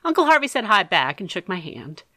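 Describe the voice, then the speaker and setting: A woman giving expressive first-person storybook narration for an audiobook. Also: medium pitch, a little fast, no room sound, clean studio sound. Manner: expressive, animated.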